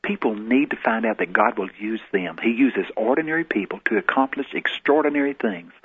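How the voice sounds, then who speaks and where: A man's voice: lowish voice, lively intonation, a little fast, slightly rough. A man, a guest minister, telling a testimony in a folksy storytelling way. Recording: tinny phone-like radio broadcast.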